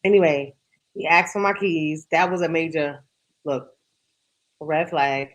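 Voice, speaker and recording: A woman's voice: low voice, a little slow, low-quality recording. A young woman co-hosting a podcast, telling a dating story in candid, profane casual chat that is full of "like". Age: young adult. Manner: candid and profane, heavy use of "like". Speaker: podcast co-host.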